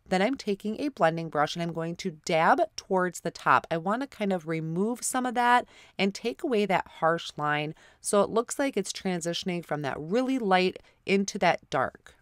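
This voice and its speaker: A woman hosts a card-making tutorial, apologetically narrating each step while stuffy-nosed from a head cold. Her fairly low voice has lively intonation and a moderate pace with few pauses, recorded dry at studio quality.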